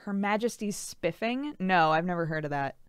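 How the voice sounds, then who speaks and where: Woman streamer, lively and laughing, smooth voice, dry close sound. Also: on the low side, moderate pace, dry recording. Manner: giggly, animated, says "like" a lot. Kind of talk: casual chat reading stream chat.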